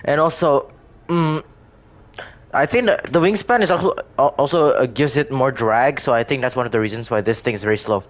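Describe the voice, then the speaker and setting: A man's voice: medium pitch, brisk. Rambling man showing off his game builds. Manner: rambling, hesitant, frequent restarts and self-corrections. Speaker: gaming video creator. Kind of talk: casual gameplay commentary.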